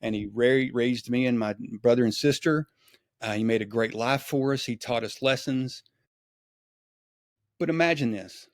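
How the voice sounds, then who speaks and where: A man from East Texas, a guest author telling stories in an animated, casual way. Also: mid-range voice, normal speed, pauses often, dry recording, clean studio sound. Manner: animated storyteller, acts out quoted dialogue. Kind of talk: casual storytelling.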